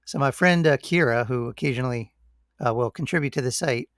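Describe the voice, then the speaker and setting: A man co-hosting a podcast in casual chat, relaxed and rambling. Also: medium pitch, a little fast, no room sound, studio quality. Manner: relaxed, rambling, says "like" and "you know" a lot. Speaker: podcast co-host.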